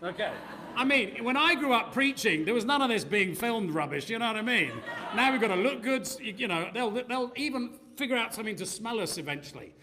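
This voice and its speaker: A man preaching a sermon, animated and joking, mixing asides and sound effects into his talk. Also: very high voice, a little fast, crowd noise. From Australia. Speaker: pastor.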